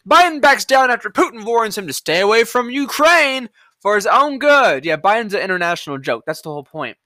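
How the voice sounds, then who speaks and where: A man's voice: high voice, big pitch swings, fairly quick, bright, forceful tone, no echo. A man hosting a podcast, reacting to headlines in a rambling, profane, sarcastic rant. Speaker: podcast host. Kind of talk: casual news-reaction rant.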